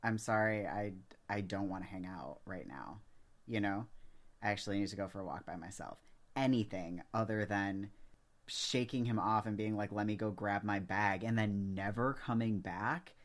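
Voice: sits low, normal speed. A podcast co-host in casual chat, ranting indignantly and swearing.

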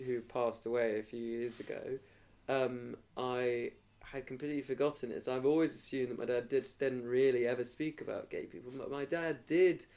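Guy, gravelly voice, thinking out loud, bit hesitant, casual chat. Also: medium pitch. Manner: reflective, hesitant, with repeated words. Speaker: podcast co-host.

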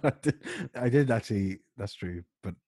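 A man co-hosting a podcast with a very low, husky voice. His comebacks come dry and joking in relaxed chat. The recording is close and dry. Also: moderate pace, no echo. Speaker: podcast co-host. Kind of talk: casual chat.

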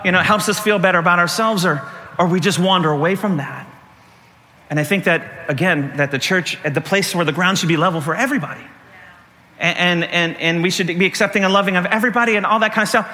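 A middle-aged man, a pastor, preaching a sermon with animated storytelling, laughing through his stories and jumping high in pitch when he acts out panic. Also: fast, in a large hall. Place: church.

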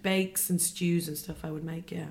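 A woman with an Irish accent, a podcast guest telling stories in a lively, laughing way. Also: on the low side, normal speed, vocal fry, a little hiss or hum. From Ireland. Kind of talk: casual chat.

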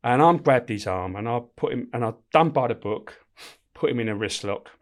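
A man's voice: medium pitch, animated, moderate pace. Middle-aged man telling blunt prison stories. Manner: swearing, laughing, acts out voices. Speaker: former prison officer, guest. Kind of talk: casual anecdotal storytelling.

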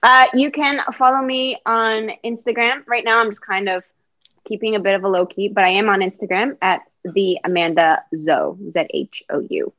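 A woman guesting on a casual podcast, bubbly and quick, laughing often. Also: mid-range voice, highs cut off. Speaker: guest actress.

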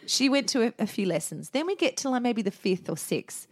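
A woman's voice: fairly high pitch, fairly quick. A woman, co-hosting a casual chat and acting out family stories as she tells them. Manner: animated storytelling, acts out her daughter and herself. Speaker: podcast co-host.

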